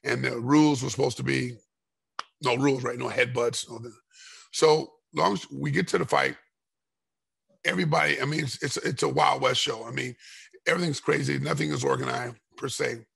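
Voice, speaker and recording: A middle-aged man, a former fighter, telling a rambling story in a podcast interview and getting loud and heated as it goes. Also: medium pitch, fairly even intonation, moderate pace, gravelly, breathy edge. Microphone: podcast microphone.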